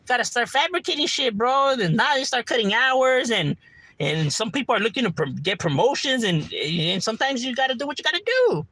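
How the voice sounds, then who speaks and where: A man tells stories in a loose, profane, slang-heavy way, his voice swinging up and down with lively energy. His tone is bright and a touch husky, and it sits a little higher than most men's. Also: rough recording. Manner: animated, slangy and profane, street talk. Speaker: streamer telling stories. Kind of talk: casual storytelling chat.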